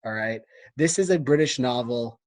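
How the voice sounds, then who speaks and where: A man with an American accent, co-hosting a casual book podcast and quizzing his friend in a relaxed, chatty way. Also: medium pitch, moderate pace. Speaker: podcast co-host. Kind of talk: casual chat.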